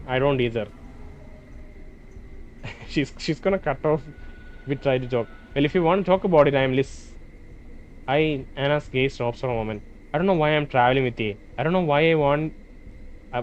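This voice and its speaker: A man playing a role-playing game, reading its dialogue aloud and thinking out loud between lines. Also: mid-range voice, muffled recording, a little hiss or hum. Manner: hesitant, restarts and fillers, reads dialogue in plain voice. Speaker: gameplay streamer.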